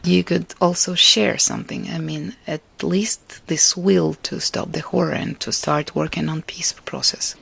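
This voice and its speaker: Gravelly, husky Russian-born woman. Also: low-pitched, fairly even intonation, a little slow, few pauses. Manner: earnest, reflective, laughs softly between thoughts. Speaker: artist and interviewee. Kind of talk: interview answers.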